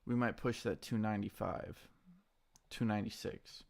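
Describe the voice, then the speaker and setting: A tired man talks through his trades in a hushed morning voice. His voice sits a little low with a gravelly rasp. He stays laid-back, answering chat as he goes. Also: steady tone, moderate pace. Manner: quiet, subdued morning voice; laid-back, reads chat names aloud. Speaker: stock trading streamer. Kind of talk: casual live-stream chat.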